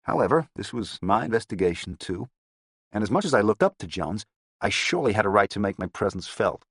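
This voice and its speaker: A man reading an audiobook in a steady, descriptive first-person narration. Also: on the low side, a little fast, husky, dry recording, clean studio sound.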